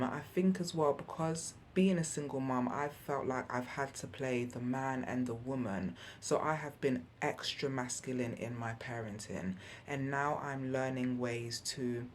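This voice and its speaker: A woman with a low, deep voice talks through parenting tips in a relaxed home vlog. She is chatty and candid, and she often laughs and acts out past conversations. A faint hiss sits under her voice. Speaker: parenting vlogger. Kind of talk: casual advice vlog.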